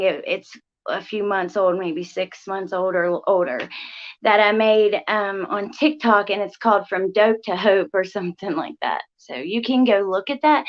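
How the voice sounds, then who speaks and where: A young woman hosting a casual livestream, rambling through viewer comments with lots of ums and likes. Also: mid-range voice. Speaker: livestream host. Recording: slightly dull lo-fi audio.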